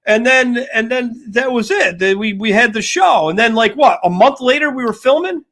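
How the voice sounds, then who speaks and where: An older man co-hosting a casual sports talk show, telling an animated story and acting out the dialogue. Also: very high-pitched, normal speed. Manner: animated, acts out quoted dialogue. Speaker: co-host.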